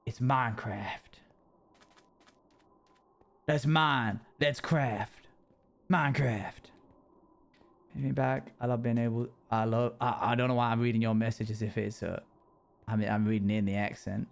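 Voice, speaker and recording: A man's voice: mid-range voice, flat delivery, moderate pace, gravelly. A man streaming a survival game, talking to himself in character with folksy rustic phrasing and frequent chuckles. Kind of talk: in-character role-play narration.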